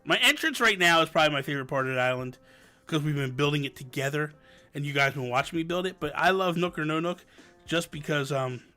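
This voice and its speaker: A man in his thirties hosting a live stream, answering viewer questions and telling stories that act out family dialogue. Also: mid-range voice. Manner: animated storyteller, acts out family dialogue. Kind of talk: casual live-stream chat and storytelling. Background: light background music.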